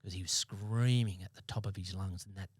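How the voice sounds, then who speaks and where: An Australian man in his fifties, a former police sergeant, telling his story as a podcast guest in a blunt, halting way with many restarts. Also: low-pitched, steady tone, slightly rough, no echo, clean studio sound. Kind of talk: interview storytelling. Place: podcast studio.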